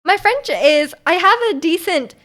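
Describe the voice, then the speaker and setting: A young woman with a high, light voice hosts a livestream from her home streaming setup. She chats casually into her streaming mic and reads viewer messages aloud. She giggles often and fills pauses with "um" and "like". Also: expressive, a bit bright. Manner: chatty and giggly, with frequent laughs and filler words. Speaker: livestream host.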